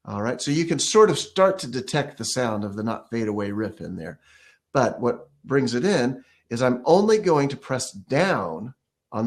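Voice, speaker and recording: A man giving a casual ukulele lesson, explaining step by step and counting beats or scatting rhythms aloud as he plays. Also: mid-range voice. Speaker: ukulele teacher. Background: ukulele playing.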